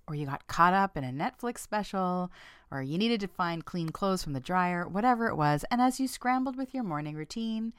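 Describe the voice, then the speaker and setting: Woman podcast host, frank and playful, laughs a lot; smooth clear voice on a close dry mic. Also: no echo. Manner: acts out quoted lines with sudden pitch jumps. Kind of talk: casual self-help talk to listeners.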